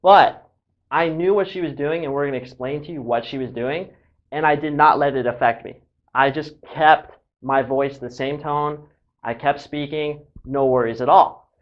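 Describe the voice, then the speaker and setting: A Southern California man with a voice on the high side tells a casual story at normal speed as a dating coach. He's breezy and cocky and swears freely, heard through a dull lo-fi recording.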